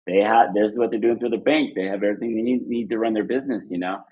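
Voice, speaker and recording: Man, husky voice, low pitch, animated rambling storyteller, phone-like recording. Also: very fast. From Southern California. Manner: animated storyteller, many fillers and restarts. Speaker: guest, trucking business owner. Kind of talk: casual storytelling interview. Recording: phone-like narrow band line.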